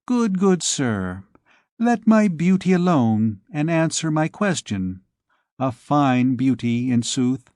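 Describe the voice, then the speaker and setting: A man's voice: a little high, big pitch swings, slow, darkish tone, no echo. Man doing a tender young noblewoman, raised voice, coaxing and reproachful, dry close audiobook read. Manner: coaxing, pleading questions. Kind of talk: audiobook character voice.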